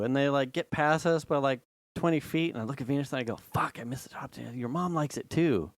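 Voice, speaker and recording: A man co-hosts a podcast in loose, profane casual chat, laughing as he tells his stories. His voice sits a little high. The sound is dry and close to the mic. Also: brisk, smooth, no echo. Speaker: podcast co-host.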